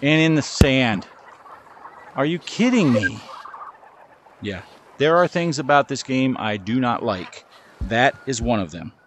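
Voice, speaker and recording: A man's voice: mid-range voice, animated, a little slow, long pauses, fairly bright tone, slight background noise. A middle-aged man giving casual, self-deprecating commentary while playing a VR golf game, talking to his ball as he plays. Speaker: gaming channel host.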